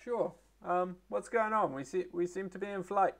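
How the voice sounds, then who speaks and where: A man's voice: sits high, moderate pace, voice pushed up. A man voicing a jittery, frightened young male prisoner who stammers in a panic. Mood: shaken.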